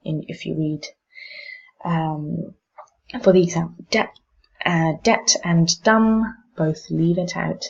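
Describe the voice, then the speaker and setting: A woman teacher giving exam tips on pronunciation, demonstrating word stress slowly and with care. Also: lowish voice, steady tone, creaky, lo-fi sound.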